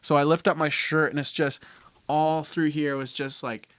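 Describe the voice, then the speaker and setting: A man's voice: a little high, little pitch movement, normal speed, a bit bright. A young man from Canada hosting a podcast, telling a story in a loose, rambling way with lots of restarts and casual swearing. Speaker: podcast host.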